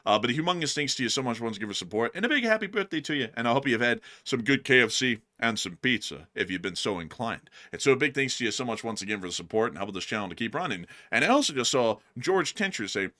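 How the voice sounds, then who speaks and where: A male host chatting casually on a live stream, upbeat and full of thanks for his supporters. His voice moves a lot in pitch and has a bright, forceful tone. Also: expressive, fast talker.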